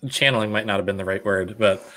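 Low-ish guy host, halting, lots of restarts, chill chat. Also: fairly even intonation, a bit bright. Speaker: podcast host. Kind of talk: casual interview chat.

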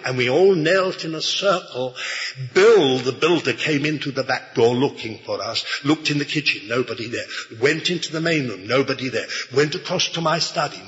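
An older man telling a testimony story in a sermon, slow and hesitant with restarts. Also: on the high side, fairly bright tone. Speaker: preacher giving a testimony. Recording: echoey hall, dull lo-fi.

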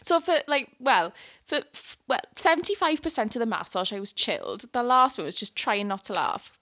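A woman's voice: a little high, normal speed. A woman co-hosting a podcast in a living room, telling a funny story with lots of laughter and acted-out quotes. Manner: animated storyteller, laughs often, acts out quotes. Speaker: podcast co-host. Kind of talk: casual chat, storytelling.

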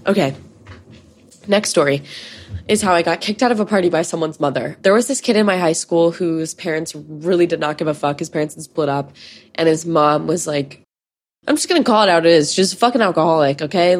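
Twenties woman hosting a podcast, swears a lot, rambly casual storytelling, lower voice. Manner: profane, candid, rambling. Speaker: podcast host.

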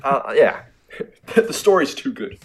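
A man's voice: mid-range voice, very animated, slight background noise. A young man co-hosting a podcast, rambling through stories with lots of restarts and laughing at himself. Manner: rambling, self-mocking, quick to laugh. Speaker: podcast co-host. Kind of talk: casual chat.

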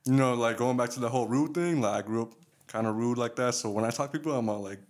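A man's voice: medium pitch, quick pace. A young man with a New York accent, co-hosting a casual podcast and telling loose, slangy, profane stories. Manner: loose storytelling with slang and swearing. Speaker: podcast co-host. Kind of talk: casual chat.

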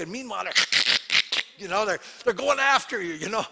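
A man's voice: high-pitched, lively intonation, normal speed, creaky, background noise. A man, a pastor preaching an earnest, emphatic sermon full of rhetorical questions.

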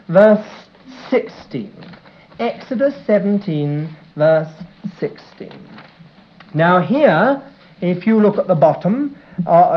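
Male Bible teacher, expressive delivery, dull lo-fi sound. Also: high-pitched. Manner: measured, reads scripture aloud with enthusiastic asides. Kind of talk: sermon-style Bible teaching. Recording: dull lo-fi recording in an echoey room.

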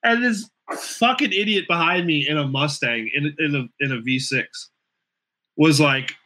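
Bright-voiced man in joking casual chat. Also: fairly high pitch, a little slow. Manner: joking, laughs often.

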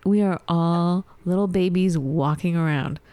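Woman host, low mellow voice, effusive, gushing, dry close sound. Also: unhurried, dry recording. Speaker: podcast host. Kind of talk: casual podcast chat.

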